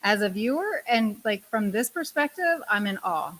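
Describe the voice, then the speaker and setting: A woman's voice: mid-range voice, sing-song, moderate pace, fairly bright tone, poor audio. A woman in casual podcast chat, chatty and giggly, admiring the production work.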